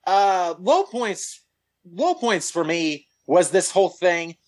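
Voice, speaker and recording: Slightly high-voiced guy, halting and friendly, running a wrestling segment. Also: big pitch swings. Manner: hesitant, good-humored, stumbles over names. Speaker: podcast co-host. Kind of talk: casual wrestling chat.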